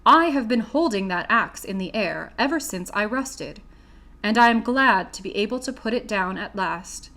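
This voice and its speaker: A woman's voice: mid-range voice, lively intonation, moderate pace, bright, forceful tone. A woman voicing a polite, grateful man made of tin who speaks in a sad, courteous way. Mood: plaintive. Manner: mournful, courteous.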